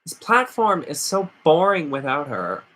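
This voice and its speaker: A man's voice: fairly high pitch, big pitch swings, a little slow, pushed and bright. A man vlogging casually, rambling and sarcastic as he rants. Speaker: witchcraft vlogger. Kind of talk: casual ranting vlog.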